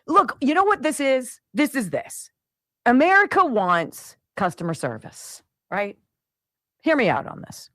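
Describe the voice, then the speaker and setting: A woman's voice: fairly high pitch, fairly bright tone, no room sound. A middle-aged woman hosting a talk radio show, venting in an opinionated monologue and mimicking sounds and voices. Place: home studio with camera. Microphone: studio mic.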